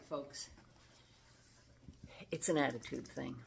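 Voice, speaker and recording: A woman's voice: sits low, moderate pace. A middle-aged woman dog trainer giving a casual instructional demonstration, explaining in a conversational way with everyday comparisons. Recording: roomy sound from a distant mic with faint background noise.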